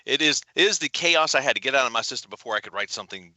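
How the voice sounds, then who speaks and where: A middle-aged man, talking as a guest on a video call. His voice is bright and forceful, his pitch swings widely as he tells stories, and the sound is close and dry. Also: no echo. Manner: animated storyteller, folksy, quick jumps into voices. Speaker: author guest. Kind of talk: casual interview chat.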